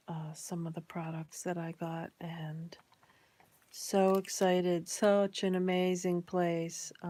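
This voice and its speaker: A woman vlogging casually about her molds, excited and chatty, sometimes dropping to a near-whisper. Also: fairly low pitch, no room sound. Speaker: crafts vlogger. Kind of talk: casual chat.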